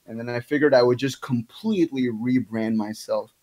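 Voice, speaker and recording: A man's voice: medium pitch, normal speed, a little mellow. A man guesting on a podcast, telling a long, rambling story in casual chat and swearing often.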